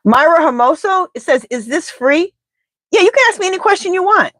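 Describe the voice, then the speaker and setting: A woman's voice: extremely high pitch, expressive, fast talker, a bit bright, dry recording. A woman tarot reader in casual live-stream chat, rambling and talking straight to her viewers.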